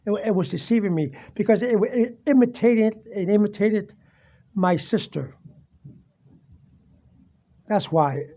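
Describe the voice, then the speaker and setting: A man sitting at his dining table, earnestly recounting a personal ghost encounter with halting fillers and restarts. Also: sits high, mellow. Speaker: vlogger. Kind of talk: casual first-person storytelling. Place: home dining room, seated at a table. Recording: dull lo-fi home recording.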